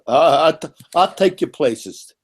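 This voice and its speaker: New man, fairly high voice, excitable, swears, stumbles and restarts. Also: measured pace, breathy edge. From New York. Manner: animated, profane, frequent restarts. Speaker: panelist. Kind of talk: casual chat.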